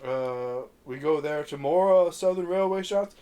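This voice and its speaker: A man with a slightly high voice chats through a film recap on a podcast. He rambles with many fillers and curses casually as he goes. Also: unhurried, warm tone. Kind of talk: casual profane podcast chat.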